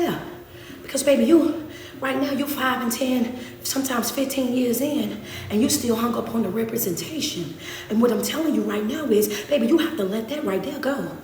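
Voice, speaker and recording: A woman motivational speaker talks to her live audience in a preachy, repetitive way, rising loud and dropping to a hush. Her voice sits a touch high. It comes through a phone set a way off in an echoey room with faint background hiss. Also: recorded from a distance. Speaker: motivational speaker and life coach. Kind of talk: live-stream motivational talk. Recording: echoey room, away from the mic.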